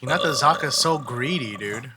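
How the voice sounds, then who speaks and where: A man's voice: mid-range voice, normal speed, noisy background. Slangy young man co-hosting a podcast. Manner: relaxed, slangy, jokey. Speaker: podcast co-host. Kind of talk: casual chat.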